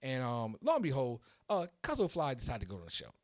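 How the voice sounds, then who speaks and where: A man hosting a casual podcast, telling a story in an excitable, animated way that builds to loud peaks. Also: mid-range voice, quick pace, no echo, clean studio sound. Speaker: podcast host.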